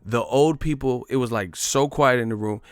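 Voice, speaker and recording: A man's voice: mid-range voice, normal speed, clean tone, dry recording, studio quality. A man telling a profane, rambling comic story in casual slang. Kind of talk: casual comedic storytelling monologue.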